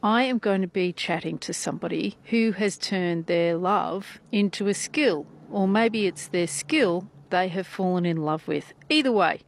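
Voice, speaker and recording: A woman's voice: fairly low pitch, measured pace, vocal fry, hardly any pauses. Woman radio host. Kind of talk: radio presenting and interview.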